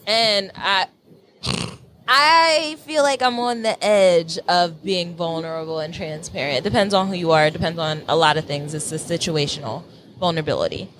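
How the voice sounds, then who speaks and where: A woman co-hosting a podcast in casual chat, frank and quick to laugh as she tells anecdotes. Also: on the low side, a bit bright, a little hiss or hum. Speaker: podcast co-host.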